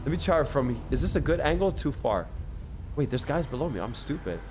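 Excitable male gaming streamer. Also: medium pitch, brisk, background noise. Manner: excitable, jokey, talks to chat. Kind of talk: live gameplay commentary. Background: game music.

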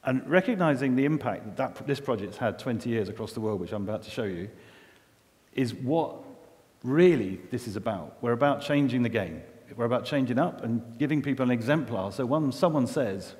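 A man's voice: medium pitch, expressive, moderate pace, darkish tone. Middle-aged guy giving a talk, chatty, keeps restarting, voice rings round a big hall. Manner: chatty, self-deprecating, many restarts and asides. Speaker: environmental engineer giving a festival talk. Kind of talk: conference talk. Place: festival venue with long reverb. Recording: reverberant hall recording.

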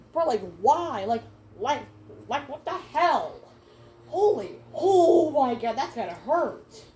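A woman giving let's play commentary, excitable and repetitive, calling everyone "bro" and "man" and shouting at the screen. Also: high voice, slight background noise. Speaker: gamer.

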